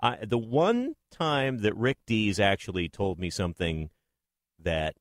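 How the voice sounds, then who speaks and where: Lively low-voiced male radio host. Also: unhurried, no room sound, studio quality. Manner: joking, does impressions. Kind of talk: casual radio interview. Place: radio broadcast booth.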